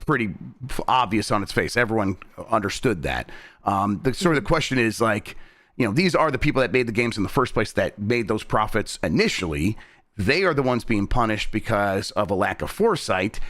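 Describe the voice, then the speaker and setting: A man's voice: lowish voice, a bit bright, no echo, clean studio sound. A man co-hosting a games news show, talking things through in a hesitant, thoughtful way with frequent restarts. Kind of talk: casual news discussion.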